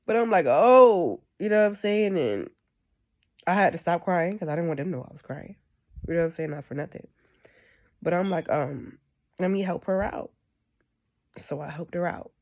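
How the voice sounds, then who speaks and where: A woman's voice: low voice, a little fast, gravelly, long pauses, darkish tone. A woman giving a casual, rambling spiritual monologue, often checking in with "you know what I'm saying.". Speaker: spiritual speaker.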